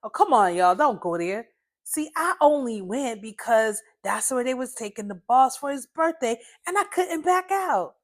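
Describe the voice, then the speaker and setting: A woman's voice: a little high, lively intonation, moderate pace, voice pushed up. A woman voicing Seth, a cocky, brash young man in a story reading. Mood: defensive.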